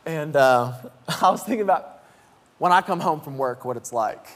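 Pastor guy, pretty high voice, preaching all stirred up in a big reverby church. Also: moderate pace. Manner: emotional, animated storytelling with shouted child voices. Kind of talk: sermon. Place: church sanctuary. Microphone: handheld mic. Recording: long hall reverb in a church.

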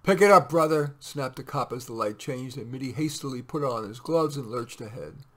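A man reading a classic short story aloud in a steady, measured narration. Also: mid-range voice. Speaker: reader.

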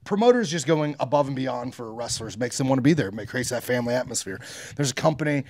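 A man's voice: mid-range voice, fast talker. A man in his thirties, a pro wrestler, telling stories in a casual interview, acting out quotes and swearing freely. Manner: animated storyteller, acts out quotes, swears freely.

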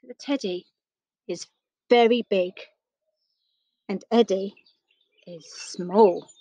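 A woman reading a picture book aloud to children, gentle and unhurried, with questions for her listeners. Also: mid-range voice, no room sound, dull audio. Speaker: storyteller.

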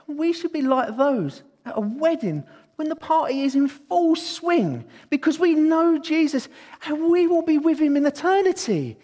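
A man preaching a sermon in a church, excitable and eager. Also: very high-pitched, normal speed. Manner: excitable, bursts into exclaiming. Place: church hall. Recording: long hall reverb.

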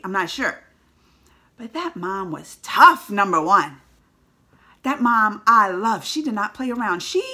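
A woman chatting casually about a film she watched, retelling scenes with lively excitement. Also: fairly high pitch. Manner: animated, acts out scenes with rising excitement. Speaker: movie reviewer. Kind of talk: casual reaction chat.

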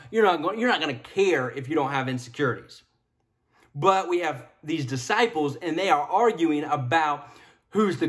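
A man's voice: fairly high pitch, fairly bright tone. A man preaching a casual sermon as pastor, chatty and joking, often restarting his sentences.

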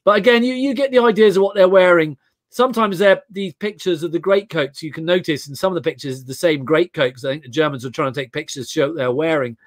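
High-voiced English man, rambling. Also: fast, no echo, clean studio sound. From England. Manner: rambling, many restarts and fillers, animated storytelling. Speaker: guest historian. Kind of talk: casual video-call chat.

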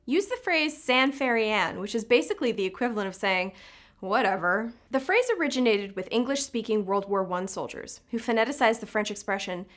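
A woman hosts a scripted educational video in a fairly high voice that moves up and down a great deal. She delivers her facts in a playful way and tosses in jokey asides. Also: lively intonation, brisk, hardly any pauses, a bit bright. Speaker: host, editor-in-chief.

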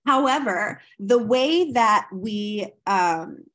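A woman at a middle pitch, recording a slide lecture for an anthropology course. She explains step by step, leans on frequent ums and fillers, and keeps asking her listeners rhetorical questions. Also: animated, drawn-out words, fairly bright tone.

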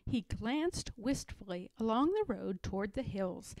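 Woman storyteller, read-aloud, lively rising and falling voice, slightly high, dry close sound. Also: unhurried, dry recording.

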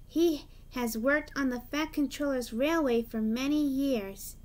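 A woman reads a children's train storybook aloud at an unhurried pace, in a high voice. Now and then she breaks off the story for a chatty comment of her own. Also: a little mellow. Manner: chatty asides between the narration.

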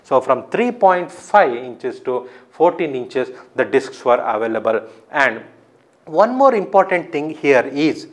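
A man's voice: medium pitch, sing-song, a little slow. A man giving a recorded lecture, explaining step by step, often asking his own questions and answering them.

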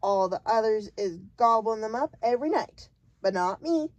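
BFG, woman doing a booming giant. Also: expressive, moderate pace, dry recording, natural voice. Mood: protesting. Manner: jumbled grammar, booming and emphatic. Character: big friendly male giant, muddled, kindly.

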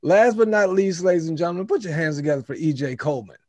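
Upbeat high-voiced Southern man hosting. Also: animated, fast, darkish tone, dry recording. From Memphis, Tennessee. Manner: upbeat, laughs often, repeats phrases. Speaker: webinar host. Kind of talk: casual webinar talk. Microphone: video call.

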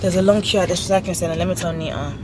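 A woman's voice: lowish voice, steady tone, rapid-fire. Woman venting from a noisy car. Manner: emotional, venting, swears freely. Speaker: vlogger. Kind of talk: casual vlog rant. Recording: car noise behind the voice.

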